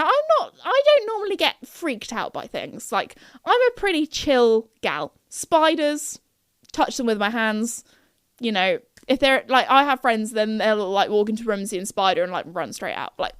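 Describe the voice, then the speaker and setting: A woman's voice: on the high side, clear, resonant tone, no echo, clean studio sound. A young woman hosting a podcast, chatting in a bubbly, rambling way, full of fillers. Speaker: podcast host. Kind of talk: casual chat.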